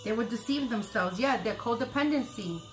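A woman's voice: a little high, fairly quick, faint music behind. A woman doing a casual tarot reading, blunt and profane, repeating her points. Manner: acts out quoted lines loudly. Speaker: tarot reader.

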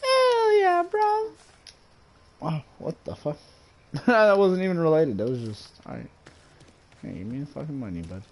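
Lively, exasperated male streamer who swears a lot, with faint hiss. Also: moderate pace, creaky. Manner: profane and exasperated, swinging up and down in pitch. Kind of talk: casual game-stream chatter.

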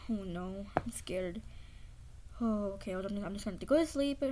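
A woman's voice: medium pitch, animated, fast talker, noisy background, natural voice. A woman voicing a meek, jealous clay pony in a home toy play-acting video, hesitant and whiny, sometimes dropping to a scared whisper. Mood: dejected.

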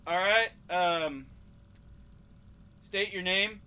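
An actor playing a tired male casting director running auditions in a flat, businesslike way. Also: high voice, very slow, clean tone, exaggerated voice. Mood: bored.

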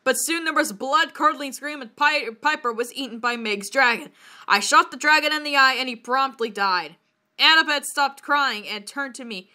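Lively high-voiced woman mocking a story. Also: moderate pace. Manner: bursts into high laughing shrieks, mock-dramatic. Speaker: reader of bad fan fiction. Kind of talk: dramatic reading with mocking commentary.

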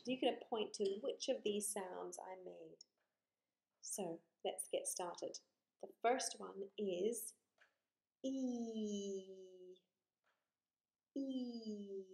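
A woman teaching a phonics lesson to young children, drawing out vowel sounds slowly and praising often. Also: medium pitch, creaky, a little mellow. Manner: slow, encouraging, exaggerated vowel sounds. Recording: echoey room.

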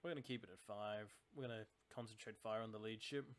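A man's voice: fairly low pitch, steady tone, quick pace. A man hosting his channel, giving casual let's-play commentary and thinking aloud about tactics in a chatty, analytical way. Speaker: channel host playing a naval strategy game.

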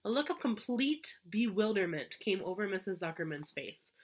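A woman teacher reads a chapter book aloud to her class. Her voice is gentle and expressive and sits at a middling pitch. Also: moderate pace, slight background noise. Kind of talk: storybook read-aloud for children.

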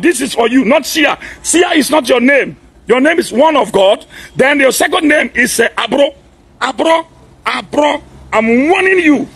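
A pastor delivers an impassioned warning at a very high pitch. His voice is rough and gravelly, heavily husky, and he keeps breaking into forceful shouts, hammering his listener with the same demand again and again. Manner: forceful, repeatedly shouting and demanding "are you hearing me".

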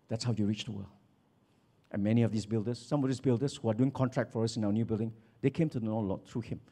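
A male pastor, preaching a sermon with animated storytelling. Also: medium pitch, husky. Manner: storytelling, animated with acted quotes.

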